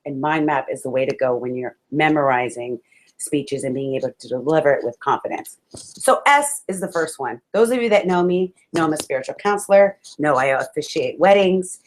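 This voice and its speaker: Brief: woman motivational speaker, fairly low pitch, emphatic and passionate, addresses the crowd as friends, quick laughs. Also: rough recording. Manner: laughs often between lines. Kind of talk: live motivational talk to an audience.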